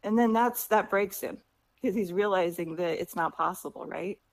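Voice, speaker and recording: Woman author guest, chatty storyteller, mid-pitched voice. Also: normal speed. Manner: animated storyteller, acts out characters' lines; conversational, often asks "right?". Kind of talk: interview, retelling her book's story.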